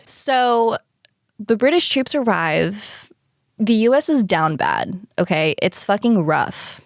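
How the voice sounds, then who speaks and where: Woman podcaster chatting away, swears a lot, dry close sound, animated. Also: medium pitch, slow pace, gravelly, no room sound. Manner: animated, swears freely, acts out characters. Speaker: podcast co-host. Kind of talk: casual chat recapping a musical.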